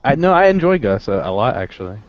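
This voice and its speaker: Man, mid-pitched, rambling jokey chat, dull lo-fi audio. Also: very animated, fast. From southern Louisiana. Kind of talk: casual chat.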